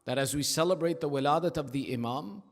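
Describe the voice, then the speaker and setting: A male preacher giving an emphatic, rhythmic sermon at an Islamic center, telling stories and dropping into hushed asides. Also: fairly high pitch, fast, creaky. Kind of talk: sermon with storytelling. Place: large prayer hall of an Islamic center. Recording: long hall reverb.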